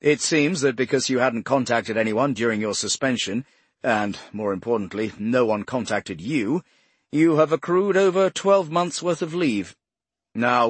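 A curt, businesslike director gives orders without preamble, as a male narrator puts him on. The voice is husky, close and dry. He speaks firmly and evenly. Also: medium pitch, dry recording, natural voice. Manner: brisk and matter-of-fact. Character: calm, brisk male intelligence director on the phone.

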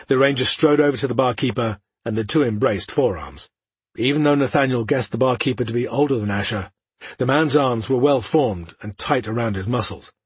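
Husky male audiobook narrator. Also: mid-range voice, no echo. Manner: steady, measured reading. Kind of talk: scripted fantasy narration.

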